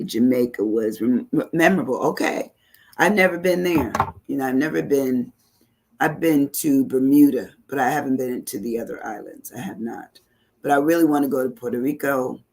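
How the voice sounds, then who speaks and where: Hosting an online talk show, this woman reads viewer comments aloud in a casual, reflective chat, sprinkling in plenty of "you know" asides. Her voice is extremely low and a little mellow.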